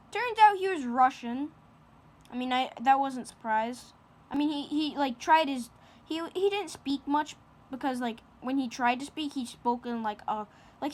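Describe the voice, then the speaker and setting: A woman improvising a silly comic story, rambling with lots of fillers and restarts. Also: high voice.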